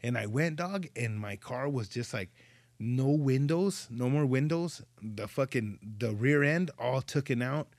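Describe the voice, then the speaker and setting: A man's voice: medium pitch, animated, a little slow, darkish tone, no echo. A man hosting a podcast, casually telling profane stories and acting out the dialogue. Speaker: podcast host. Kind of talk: casual chat.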